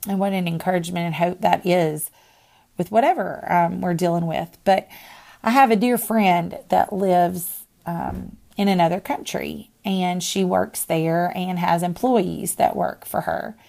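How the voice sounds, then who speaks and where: Woman minister-host, slightly low and gravelly, earnest storytelling with pauses. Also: steady tone, a little mellow. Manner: earnest, many pauses and restarts. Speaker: discipleship minister and podcast host. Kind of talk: personal faith storytelling.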